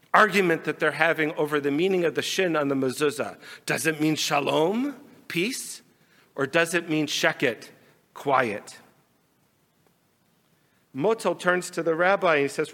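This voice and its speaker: A man, a rabbi, telling a folk story in a sermon, animated and raising his voice for quarrelling characters. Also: high-pitched, measured pace. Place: large synagogue sanctuary. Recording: long hall reverb.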